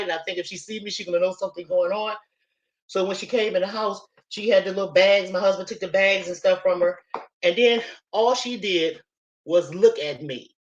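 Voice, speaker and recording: A woman's voice: on the low side, dull audio. Chatty woman live streaming from home. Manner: chatty, profane, addresses viewers as y'all. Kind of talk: casual live stream storytelling. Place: at home, moving from kitchen to living room. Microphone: laptop on a live stream.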